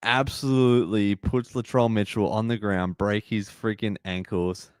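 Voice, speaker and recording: A man hosting a live match-reaction stream, excitable and emotional, shouting at big plays. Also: fairly low pitch, measured pace, smooth, no echo, studio quality.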